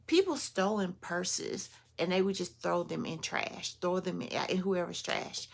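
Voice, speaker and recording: A woman vlogger telling a story in a casual, animated way, often laughing and talking straight to her viewers. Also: fairly low pitch, measured pace, creaky.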